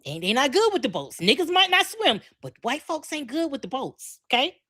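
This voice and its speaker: A woman's voice: high-pitched, very animated, a little fast, a bit bright. A woman co-hosting a podcast, delivering a brash, profane comedic rant full of repetition. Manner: brash, profane, repeats herself. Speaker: podcast co-host.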